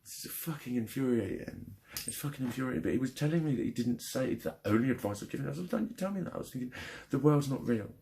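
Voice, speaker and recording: A man's voice: medium pitch, fast talker, gravelly, hardly any pauses, warm tone, slight background noise. A young man venting angrily in a personal vlog, swearing heavily and retelling a frustrating phone call. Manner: angry, frustrated, heavy swearing. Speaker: vlogger. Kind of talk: ranting vlog.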